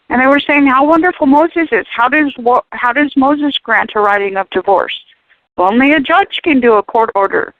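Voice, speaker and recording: High-voiced woman, fervent radio guest, preachy and emphatic, dry tinny phone sound. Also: no echo. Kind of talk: animated talk radio discussion.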